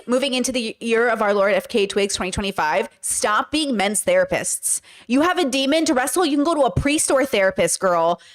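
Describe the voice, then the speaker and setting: High-voiced exasperated New woman. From the Bronx, New York. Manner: heated, exasperated, slangy, calls listeners bros and girl. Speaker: podcast host. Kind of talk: reaction commentary.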